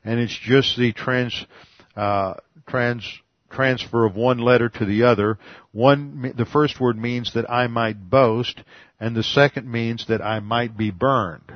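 A man's voice: medium pitch, steady tone, takes it slowly, dry recording, highs cut off. A man giving a verse-by-verse Bible teaching, methodically explaining Greek words one at a time.

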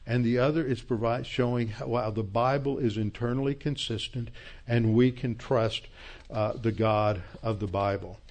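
A man's voice: mid-range voice, a little mellow. A man teaching a church Bible class in a conversational, reflective lecturing style and closing in prayer.

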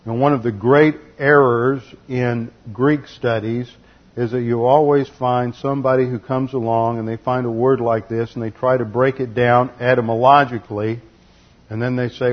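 A man teaching an expository Bible study in a deliberate, lecturing way, spelling out Greek words letter by letter. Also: mid-range voice, flat delivery. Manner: lecturing, corrects translations. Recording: slightly muffled lo-fi recording.

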